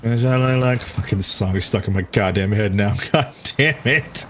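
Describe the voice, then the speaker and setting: A man's voice: fairly low pitch, moderate pace, a bit bright, slight background noise. A young man co-hosting a gaming stream, teasing and coaching the player with plenty of swearing. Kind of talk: casual gaming stream chat.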